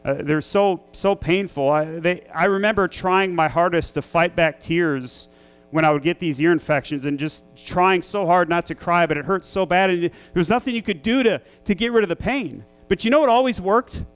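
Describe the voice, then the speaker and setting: A man's voice: high-pitched, moderate pace, clear, resonant tone, faint music behind. A man who is a parent, preaching a sermon as pastor in an earnest, emphatic way, repeating key phrases for weight. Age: young adult to middle-aged, a parent.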